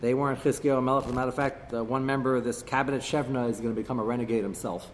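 A man's voice: mid-range voice, steady tone, rapid-fire, in a large hall, slight background noise. A man teaching a text-study class, acting out quoted speakers with sarcastic asides. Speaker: Torah teacher.

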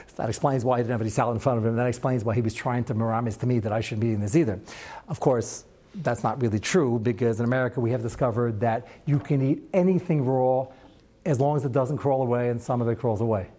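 A man teaching a Talmud class as a rabbi, chatty and animated, sprinkling his talk with Hebrew and Yiddish terms. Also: medium pitch, quick pace. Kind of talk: Talmud class lecture with storytelling.

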